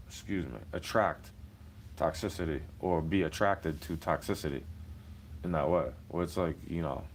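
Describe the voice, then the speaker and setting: Low-voiced man ranting, profane. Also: measured pace, slight background noise. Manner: heated, profane, rambling. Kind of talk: ranting monologue to camera.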